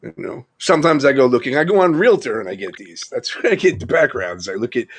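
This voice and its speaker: A man's voice: medium pitch, lively intonation, fast talker. A man in his fifties with a New York accent, chatting casually and rambling on a live stream. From Long Island, New York. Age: 50s. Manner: rambling and chatty, laughs often. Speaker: livestream host. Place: upstairs room with covered window.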